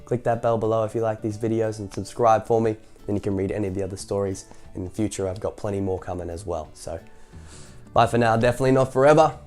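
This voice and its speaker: A man's voice: lowish voice, quick pace, darkish tone, soft background music. A man reading a children's picture book aloud, in a playful way with chatty asides between passages. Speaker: children's story reader.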